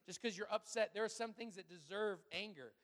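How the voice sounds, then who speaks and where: Brief: male pastor, higher voice, chatty sermon Q&A, lively storyteller, lots of ums, long hall reverb. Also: a little fast. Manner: conversational, animated storytelling with frequent fillers. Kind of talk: sermon Q&A with personal stories.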